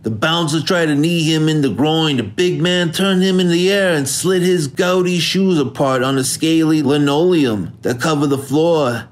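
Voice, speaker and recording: A man giving steady, measured scripted narration of a hardboiled crime novel. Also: a little high. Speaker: audiobook narrator.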